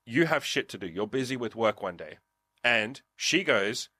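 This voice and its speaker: Bright, blunt, profane young man. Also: medium pitch, lively intonation, moderate pace, slightly rough, no room sound, clean studio sound. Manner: profane, blunt, acts out quotes. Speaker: dating coach. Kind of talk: casual coaching conversation.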